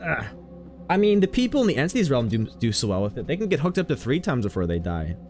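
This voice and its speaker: A man's voice: medium pitch, big pitch swings, fast, darkish tone, faint music behind. A man streaming a horror game with casual, sarcastic commentary, joking and swearing freely.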